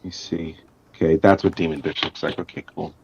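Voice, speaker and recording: A man's voice: deep voice, steady tone, vocal fry, muffled recording, a little hiss or hum. A man co-hosting a livestream, joking at his own expense and stammering over his words. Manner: self-deprecating, stammering, quick jokes. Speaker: co-host. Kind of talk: casual livestream banter.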